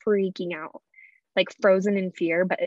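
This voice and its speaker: A young adult woman telling a story of her own in a casual, chatty way, full of "like" fillers and hushed quotes. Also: medium pitch, steady tone, unhurried, no room sound, lo-fi sound.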